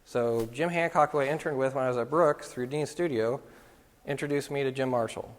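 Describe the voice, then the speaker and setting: In a photography school lecture hall, a middle-aged man gives students a casual talk full of anecdotes, acting out the voices of the people he quotes. His medium-pitched voice runs a little fast, and the hall adds a long reverb.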